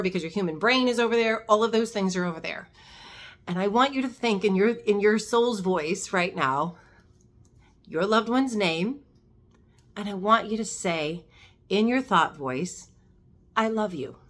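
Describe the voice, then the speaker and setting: A woman leading a gentle guided meditation as a spiritual guide, coaxing and slow, counting down in a soft hush. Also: medium pitch.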